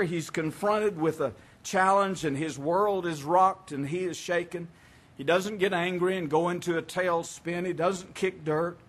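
A man's voice: a little high, fairly bright tone. A man preaching a sermon as pastor, earnest and drawing out key words for emphasis.

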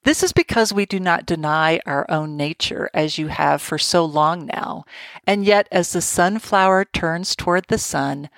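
A woman voicing animals speaking together to humanity, measured and gently reproachful. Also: lowish voice, no echo.

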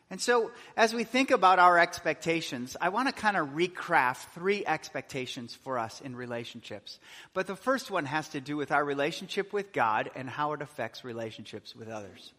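Male pastor, sermon, bright voice a touch high, long hall echo. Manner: earnest preaching with rising and falling emphasis.

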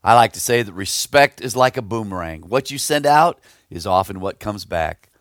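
A man's voice: on the low side, lively intonation, moderate pace, a bit bright, no room sound. Earnest preaching man, dry close sound. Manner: earnest, emphatic preaching with folksy asides. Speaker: pastor. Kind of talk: devotional sermon.

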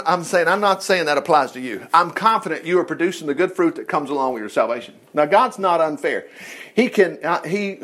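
Animated male preacher, high lively voice, mimics congregants mid-sermon. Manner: animated, acts out churchgoers' voices.

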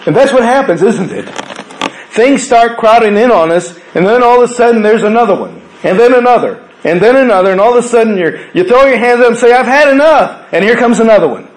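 A man preaching a sermon in a conversational way, asking rhetorical questions and swinging between raised emphatic lines and hushed low ones. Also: animated, quick pace, poor audio. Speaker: pastor.

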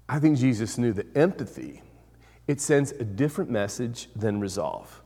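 A man delivering a sermon in a mid-range voice. He swings between bold, rising emphasis and quiet, drawn-out phrases, repeating key words as he goes. His voice carries with a long reverb trail, as if spoken in a large hall. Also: medium pitch, very animated. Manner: dynamic preaching, swinging from loud to hushed, with repeated phrases. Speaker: pastor.

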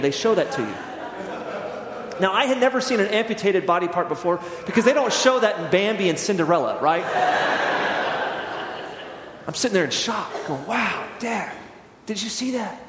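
A middle-aged man preaching a sermon as pastor, telling stories in a conversational way and acting out scenes. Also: high-pitched. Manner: conversational storytelling, acts out scenes. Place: church sanctuary. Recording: echoey church hall.

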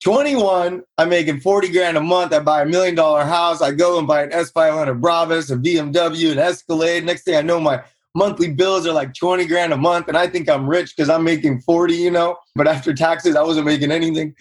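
Energetic husky-voiced man telling stories. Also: brisk, hardly any pauses. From Southern California. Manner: energetic storyteller, acts out quotes in higher voice. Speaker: guest, real estate investor. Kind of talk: casual storytelling interview.

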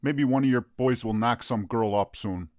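Brief: brash wisecracking man, mid pitch, dry close mic. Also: moderate pace, darkish tone, dry recording. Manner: blunt, teasing, swears freely, street-tough talk. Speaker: friend of the coach. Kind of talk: comedic sketch dialogue.

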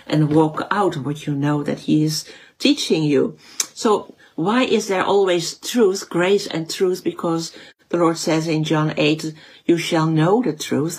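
Husky woman giving a casual Bible talk. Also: deep voice. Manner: conversational, many restarts and fillers. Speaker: Bible teacher. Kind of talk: informal Bible teaching.

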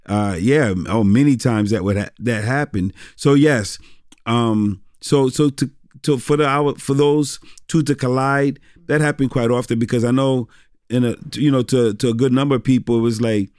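A middle-aged man who is a pastor tells stories in an easygoing interview. He rambles with many fillers and restarts in a mid-pitched voice. The sound is dry and close. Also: steady tone, moderate pace, darkish tone, dry recording. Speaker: pastor and former rapper. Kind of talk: casual interview storytelling.

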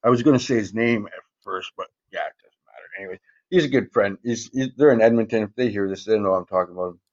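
A man's voice: on the low side, quick pace, lo-fi sound. A man casually telling profane, rambling stories in a podcast interview, chuckling often. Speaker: guest, former prisoner.

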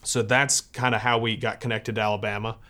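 A man's voice: on the low side, fairly quick. Conversational American man telling a story. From United States. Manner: conversational, lively when quoting others. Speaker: speaker telling his faith story. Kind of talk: personal storytelling.

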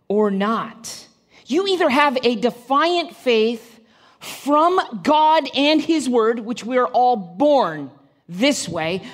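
A woman preaching a sermon to a congregation in a church. She talks in a conversational way, with direct questions to the listeners and dry humorous asides. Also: mid-range voice.

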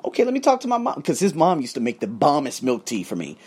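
A man's voice: a little high, quick pace, husky. A man, an English tutor, telling a casual motivational story, acting out both sides of conversations and swearing freely. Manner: animated, acts out both sides of dialogues, swears.

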